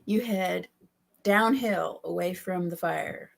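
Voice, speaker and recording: A middle-aged woman, a guest in a casual chat, easygoing and quick to laugh. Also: on the low side, creaky.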